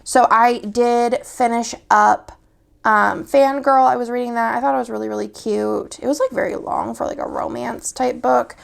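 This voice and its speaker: A young woman from Texas talks casually while she decorates a planner. Her voice sits fairly high and has a heavy gravelly fry. She rambles through many fillers and restarts, and she sometimes drops to a soft murmur. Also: fairly even intonation, moderate pace. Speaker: planner vlogger.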